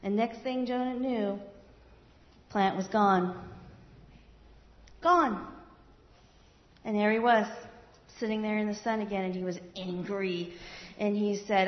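A woman in a church telling a Bible story to children in a lively way, asking them questions and leading a prayer. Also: mid-range voice, slow, pauses often. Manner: animated, talking directly to children. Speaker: children's sermon leader. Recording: echoey hall, dull sound.

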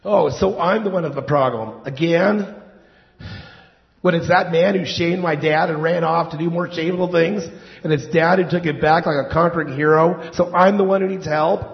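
A man's voice: on the high side, moderate pace, lightly acted. A man acting an indignant older son who has worked hard and feels overlooked. He complains and pushes back with sarcasm. The sound is a dull, muffled stage recording with a long hall echo. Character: resentful dutiful older son, indignant and self-righteous. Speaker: client of a counselor. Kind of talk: stage play dialogue.

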